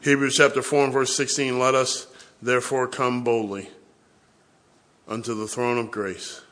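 A middle-aged man preaching a sermon in church, telling a story and swinging from hushed asides to loud emphasis. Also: medium pitch, level tone, moderate pace.

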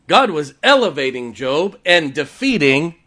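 A man's voice: a little high, sing-song, unhurried, bright, forceful tone. A man preaching a sermon, emphatic and repetitive, his voice rising and falling for effect. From West Virginia. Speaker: pastor.

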